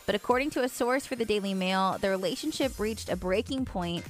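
A woman co-hosting a morning radio show, reading local news stories in a clear newsreader delivery with chatty asides. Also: mid-range voice, fairly quick, soft background music.

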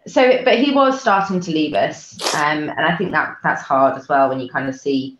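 A woman guest telling an emotional personal story, soft-spoken and halting, with many fillers and restarts. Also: low voice, a little hiss or hum. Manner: soft-spoken, trying to hold it together. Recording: roomy, dull lo-fi sound.

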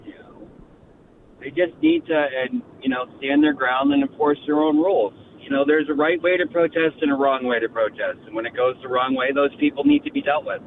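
A man's voice: a little high, very animated, a little fast, vocal fry, slight background noise. Blunt male caller on a tinny phone line. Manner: firm, blunt, insistent. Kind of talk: call-in radio talk.

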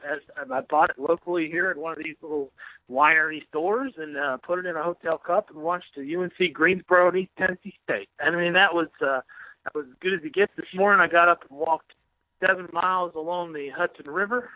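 A man's voice: on the high side, fairly even intonation, a little fast, dry recording. A man who is a sports columnist, telling jokey stories in casual podcast chat over the phone. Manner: boisterous, joking storyteller. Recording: tinny phone line.

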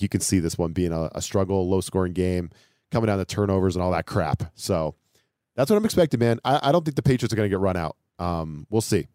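Dark-voiced animated sports podcast man. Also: sits low, no room sound, studio quality. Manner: animated, repetitive, laughing asides. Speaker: podcast co-host. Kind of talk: casual sports chat.

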